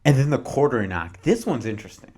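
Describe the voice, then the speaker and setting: A man's voice: medium pitch, very animated, fast talker, warm tone, breathy edge. A man hosting a podcast, chatting casually about history, reading passages from notes and adding slangy, dramatized asides. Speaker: podcast host.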